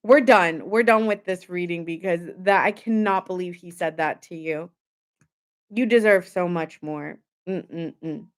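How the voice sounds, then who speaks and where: A young adult woman giving a casual tarot reading to camera, talking emphatically with lots of filler words and open indignation. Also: on the low side. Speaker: tarot reader.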